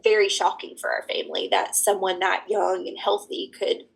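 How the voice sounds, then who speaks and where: Gravelly-voiced woman telling a personal story. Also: medium pitch, very animated, moderate pace, poor audio. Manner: earnest, retells events with quoted dialogue. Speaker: guest, adoption consultant.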